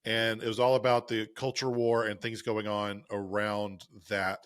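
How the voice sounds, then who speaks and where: Thirties male podcast co-host, low pitch, dry close sound, relaxed explanatory delivery. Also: measured pace, clear, resonant tone, dry recording. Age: 30s. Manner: easygoing, joking, explanatory. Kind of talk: casual podcast chat.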